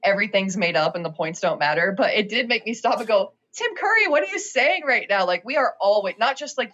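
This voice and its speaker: A woman guest on a chatty podcast, her voice at a middle pitch and coming through a muffled, lo-fi mic. She is animated and laughs a lot, and she plays out quotes in mock voices. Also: fast talker, hardly any pauses. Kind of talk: casual chat. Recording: dull lo-fi sound.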